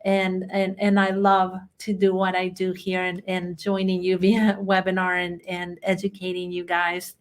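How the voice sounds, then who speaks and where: A woman's voice: fairly low pitch, monotone, measured pace, few pauses. A woman with a Chilean accent hosting a live webinar as a bookkeeping trainer, effusive and chatty as she greets attendees by name.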